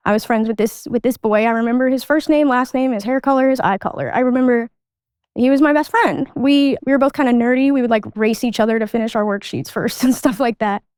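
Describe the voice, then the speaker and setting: A woman's voice: fairly high pitch, quick pace, a little mellow, clean tone, dry recording, clean studio sound. A woman guest recounting her childhood in casual conversational speech, with lots of "like" fillers. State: adult. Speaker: podcast guest. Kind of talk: personal storytelling.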